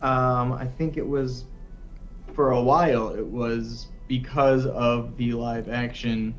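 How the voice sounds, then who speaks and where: A man's voice: mid-range voice, fairly even intonation, slow pace, muffled recording, faint music behind. A man co-hosting a casual livestream, joking in an offhand way. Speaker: co-host.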